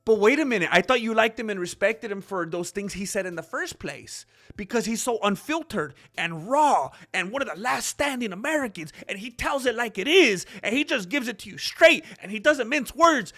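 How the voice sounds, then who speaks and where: Animated high-voiced man ranting. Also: normal speed. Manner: heated, animated, acts out quoted voices. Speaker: commentary channel host. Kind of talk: opinionated solo commentary.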